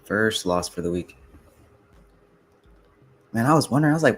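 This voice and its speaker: A man's voice: fairly low pitch, lively intonation, moderate pace, long pauses, slight background noise. A young man trading futures live on stream, talking casually to viewers and swearing, frustrated and muttering to himself. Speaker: livestreaming futures trader.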